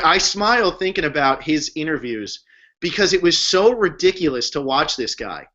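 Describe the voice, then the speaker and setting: A young man from New Jersey co-hosting a podcast, talking in an animated, emphatic, slangy way. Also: fairly high pitch, normal speed. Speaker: podcast co-host. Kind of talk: casual chat. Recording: dull lo-fi recording.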